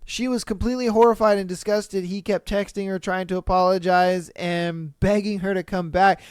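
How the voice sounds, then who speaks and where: A man hosting a casual solo podcast, reading listener stories aloud with animated, incredulous, swearing commentary. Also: high voice, normal speed, smooth, no room sound, studio quality. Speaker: podcast host.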